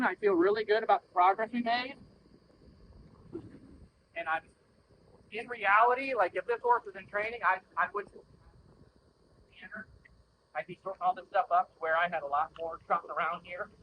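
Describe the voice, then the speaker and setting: A horse trainer coaches bluntly from the saddle, swearing freely and putting on little voices to get his point across. His voice is high and fairly bright, and the poor-quality audio carries a little hiss or hum.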